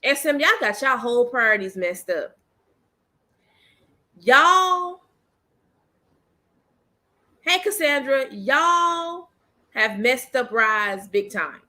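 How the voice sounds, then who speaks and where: A woman hosts her own commentary channel in a casual rant. Her voice sits a little high with a bright, forceful edge. She talks bluntly in slang and keeps repeating her points for emphasis. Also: sing-song, slow, long pauses.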